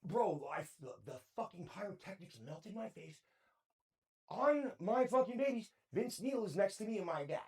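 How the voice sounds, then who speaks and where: A man in his thirties chats on a podcast in a high, lively voice that leaps up and down as he gets worked up. He spins his stories with a steady stream of slang and casual swearing. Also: normal speed. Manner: excitable storyteller, heavy slang and swearing. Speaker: podcast co-host. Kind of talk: casual chat.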